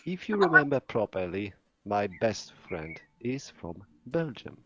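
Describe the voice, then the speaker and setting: A man chatting casually with a slow, hesitant way of telling a story. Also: fairly low pitch, very animated, a bit bright, lo-fi sound, slight background noise. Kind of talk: casual chat.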